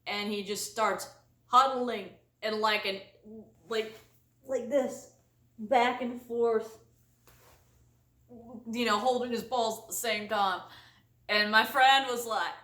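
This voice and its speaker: A woman vlogger telling a comic story to camera, exaggerated and animated, laughing often. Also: fairly high pitch, takes it slowly, pauses often, reverberant, distant mic. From United States.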